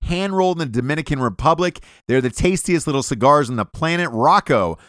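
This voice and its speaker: Loud-mouthed male host, animated pitch, crude jokes, dry close mic. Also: a little fast, no room sound. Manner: brash, profane, joking delivery. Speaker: podcast host. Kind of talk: casual podcast ad reads and chat.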